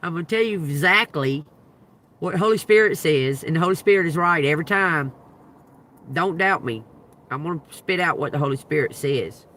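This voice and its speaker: A woman's voice: low-pitched, lively intonation, moderate pace, fairly bright tone. A woman hosting a livestream, telling a story in an emphatic, profane, laughing way. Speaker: livestream host and tarot reader.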